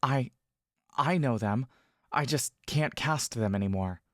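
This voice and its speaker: A man's voice: mid-range voice, measured pace, fairly bright tone, dry recording, clean studio sound, close to an everyday voice. A man voicing a desperate young male cleric who speaks in a pleading, urgent way. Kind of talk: audio drama narration.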